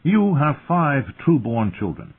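A man's voice: sing-song, slightly rough, exaggerated voice. A man voicing a serious teenage bastard son. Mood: earnest. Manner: measured, earnest, raised pitch. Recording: tinny phone-like sound.

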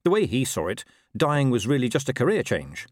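A male audiobook narrator reads a scripted story in a wry, expressive manner. His mid-range voice moves fairly quickly, recorded at studio quality with no room sound.

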